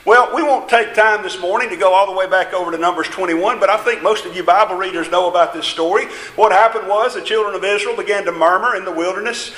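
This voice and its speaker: A man's voice: sits high, fast talker, hardly any pauses, a bit bright, reverberant, rough recording. A man preaching a sermon in a folksy, emphatic way, with small jests along the way.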